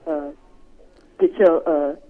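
A man's voice: high voice, big pitch swings, slow, creaky. A man co-hosting a radio show in casual joking chat, telling rambling stories with lots of laughter. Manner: rambling, laughing, playful storytelling. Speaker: radio co-host. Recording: tinny phone-like radio audio.

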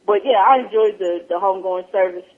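A woman's voice: mid-range voice, brisk. A woman chatting casually with lots of laughter, quoting herself as she talks. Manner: animated, laughing, quotes herself a lot. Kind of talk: casual podcast chat. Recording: tinny phone-line sound.

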